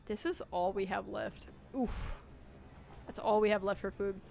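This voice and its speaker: A woman streaming a game live, chatting and joking with viewers and shouting out loud when things go wrong. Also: mid-range voice, flat delivery, unhurried, vocal fry, soft background music. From United States. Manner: jokey, reacts loudly with sudden shouts. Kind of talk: live gameplay commentary.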